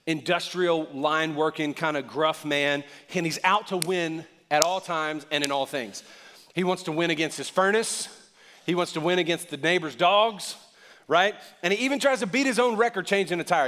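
A man preaching a sermon in a conversational way, dropping low and quiet, then rising loud and emphatic. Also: long reverb tail. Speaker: pastor.

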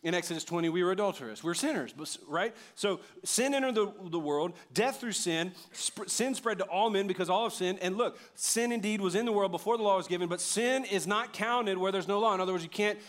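A man preaching a sermon with a slightly raised pitch. He talks in a conversational, animated way, jumping from loud bursts to hushed emphasis. He jokes with the congregation as he goes. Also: a little fast, hardly any pauses. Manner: animated, swings from loud outbursts to quiet emphasis. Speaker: pastor.

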